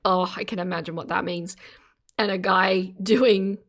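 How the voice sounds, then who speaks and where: A woman's voice: medium pitch, fairly even intonation, measured pace. An Australian woman chatting casually on a live stream, laughing often and teasing her chat. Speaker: streamer reacting to videos.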